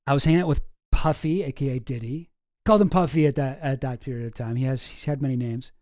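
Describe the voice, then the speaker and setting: A streamer chatting casually on a live stream, excitable, laughing often and swearing freely. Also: medium pitch, quick pace, dry recording, clean studio sound. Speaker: streamer reacting to a clip.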